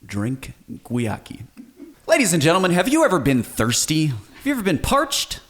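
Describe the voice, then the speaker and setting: Man putting on a hammy male ad announcer, much higher than his own voice, booming, exaggerated. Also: a bit bright, full character voice. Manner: booming, exaggerated commercial delivery. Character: loud over-the-top male sponsor announcer.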